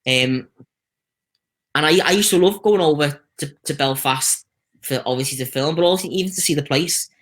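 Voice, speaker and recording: A Liverpool man chats freely as an interview guest, rambling through warm stories. His voice sits a little higher than most men's, and he slips into quick impressions of the people he met. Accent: Liverpool (Scouse). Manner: chatty storytelling, lively anecdotes with quoted voices. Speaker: stuntman guest. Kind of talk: casual interview chat.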